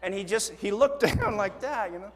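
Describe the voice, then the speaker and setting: In a church sanctuary with long hall reverb, a pastor with a high-sitting voice preaches at a moderate pace. He tells funny stories animatedly, acting out quotes and poking fun at himself while the congregation laughs.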